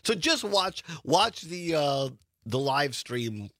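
A man's voice: on the high side, big pitch swings, slow, a bit bright, no room sound, studio quality. A man hosting a radio talk show, chatting casually and laughing often. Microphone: studio microphone.

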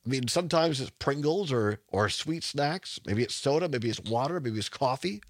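Chatty Midwestern radio host, lively. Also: male voice, medium pitch, normal speed, dry recording, clean studio sound. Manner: chatty, rambling, laughs often. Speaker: radio talk show host. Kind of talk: casual radio talk. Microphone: studio microphone.

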